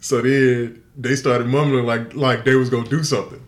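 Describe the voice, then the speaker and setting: A man's voice: medium pitch, level tone, moderate pace. An older man telling a story in casual podcast chat, profane and laughing often. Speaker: podcast co-host.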